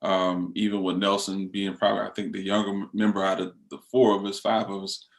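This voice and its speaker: A man on a discussion panel, speaking thoughtfully and haltingly, with many fillers and restarts. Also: low voice, flat delivery.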